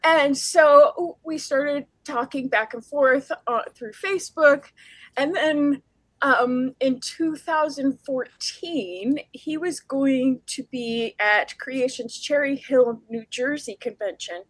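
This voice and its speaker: A woman on a convention panel telling a story in an unhurried, thoughtful way, pausing with ums. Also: high-pitched, no room sound.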